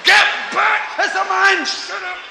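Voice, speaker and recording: Comic playing a frazzled dad screaming at his kids, voice cranked high and strained, echoey live hall. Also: flat delivery, slow, creaky, heavily acted. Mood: yelling. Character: furious harried father bellowing at noisy kids. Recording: echoey hall with background noise.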